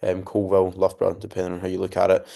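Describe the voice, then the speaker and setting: A young man who is also a coach co-hosts a casual podcast in a low, warm, monotone voice with vocal fry, talking at rapid-fire speed. He's a chatty storyteller who swears and laughs often.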